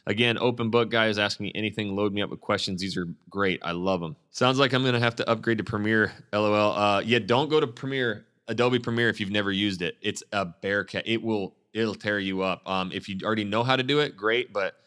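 A blunt, fired-up man with a somewhat low voice who talks casually and frankly. He is a real estate agent coaching other agents in a relaxed live Q&A, full of slang and straight talk. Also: fairly quick, few pauses.

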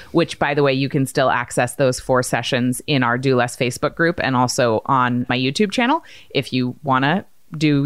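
A woman in her thirties hosting a podcast, telling a story in a lively, chatty way and acting out quotes. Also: sits low, clean tone, no room sound, clean studio sound. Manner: animated storyteller, acts out quotes. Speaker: podcast host. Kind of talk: casual chat.

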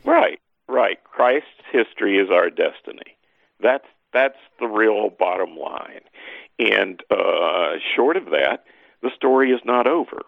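A man giving a lively, emphatic teaching talk as a guest scholar, leaping up in pitch to stress his points. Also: slow pace, vocal fry, dry recording, phone-quality sound.

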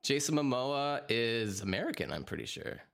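A man's voice: medium pitch, lively intonation, normal speed, creaky, fairly bright tone, clean tone. A man co-hosting a casual podcast from a home room, laughing often and talking easily. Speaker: podcast co-host, voice actor. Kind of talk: casual chat. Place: untreated echoey room at home.

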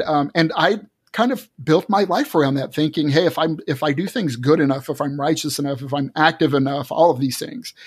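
A man's voice: a little high, husky, no echo, clean studio sound. A man earnestly telling a personal story as a guest, with frequent restarts. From Texas.

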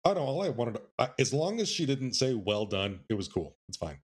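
A man co-hosting a casual chat, with dry, deadpan humor. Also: mid-range voice, brisk, breathy edge. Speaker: podcast co-host.

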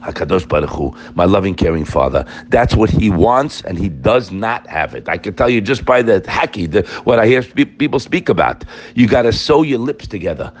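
A man's voice: lowish voice, animated, fairly quick, few pauses, a little hiss or hum. A man teaching an informal Torah class, emphatic and addressing his listeners directly.

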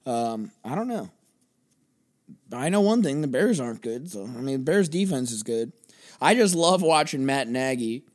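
A man's voice: fairly high pitch, darkish tone. A young man hosting a solo sports podcast, rambling and sarcastic, swearing freely as he runs through football games. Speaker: podcast host.

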